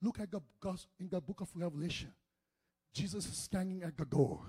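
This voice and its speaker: High-voiced man preaching with passion. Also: a little fast, breathy edge. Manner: impassioned preaching, swinging between shouting and hushed speech. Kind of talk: sermon.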